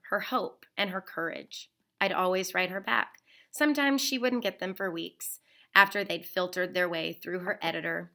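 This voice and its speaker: A woman reading a novel aloud in the first person, expressive and slowing down on the emotional phrases. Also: lowish voice, creaky.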